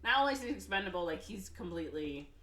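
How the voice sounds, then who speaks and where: A woman co-hosting a podcast, casually retelling a film with many fillers and quick acted-out quotes. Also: medium pitch, very animated, a bit bright, reverberant. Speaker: podcast co-host recapping a film. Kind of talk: casual chat.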